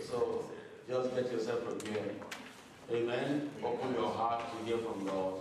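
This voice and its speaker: A man's voice: lowish voice, background noise. A man hosting a church service as pastor, leading call-and-response amens before introducing the speakers. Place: large church hall. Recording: echoey church hall, distant mic, congregation.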